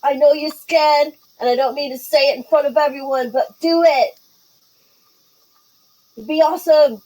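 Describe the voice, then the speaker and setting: Pippa, an eager young adventurer, as a woman puts her on, calls out loud and high across the field. She sounds urgent and encouraging. It is a tabletop game played live. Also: steady tone, moderate pace, close to an everyday voice. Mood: urging. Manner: urgent, yelling across a distance.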